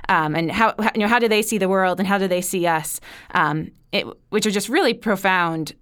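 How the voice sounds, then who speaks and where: A woman's voice: medium pitch, a little fast, fairly bright tone. A woman interviewing a guest, thoughtful and searching for her words as she builds long questions. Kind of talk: conversational interview.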